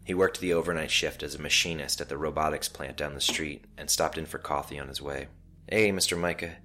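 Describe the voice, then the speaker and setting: A man narrating a scripted story in a calm, measured way. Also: a bass voice, a little hiss or hum.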